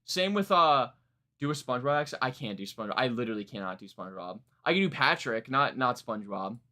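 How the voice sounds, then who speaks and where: A man's voice: medium pitch, animated, quick pace, bright, forceful tone. A man reviewing music on a live stream, chatting casually and rambling, often starting over and laughing at himself. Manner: rambling, many fillers and restarts, laughs at himself. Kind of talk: live stream reaction chat.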